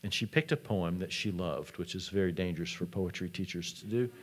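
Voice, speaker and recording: College president guy telling a story at a conference, lowish voice, chatty. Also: fairly quick. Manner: storytelling, conversational. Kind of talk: conference keynote talk.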